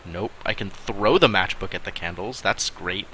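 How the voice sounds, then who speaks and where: A man streaming a game, musing aloud in casual commentary with wry asides and quiet mutters. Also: low voice, normal speed, noisy background.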